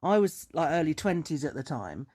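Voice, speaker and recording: A woman on a podcast, casually chatting and telling a story with lively, animated delivery. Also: sits low, normal speed, husky. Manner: animated storyteller, acts out dialogue in raised voice. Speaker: podcast co-host.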